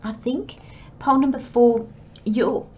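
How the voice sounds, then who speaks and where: A woman giving a channelled tarot reading, talking in a gentle, chatty way and acting out little imagined conversations. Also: on the high side, measured pace. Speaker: tarot reader. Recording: slightly dull, faint background hiss.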